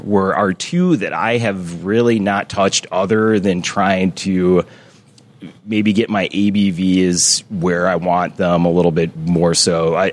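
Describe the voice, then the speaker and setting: A man talking as a brewer, rambling and correcting himself as he explains his beers at length. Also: deep voice. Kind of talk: casual podcast chat.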